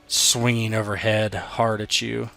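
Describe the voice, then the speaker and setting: A man running a tabletop game, his bright, gravelly voice relaxed and chatty. He narrates combat casually, with a few hesitations while he sorts out the rules. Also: lowish voice, unhurried, faint music behind. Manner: casual, voices characters with sudden loud shifts. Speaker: game master.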